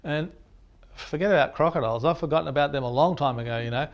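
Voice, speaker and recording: A photographer telling an animated anecdote, acting out the sounds and his own reactions as he goes. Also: on the high side, fast talker, dull audio. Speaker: landscape photographer. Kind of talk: storytelling anecdote.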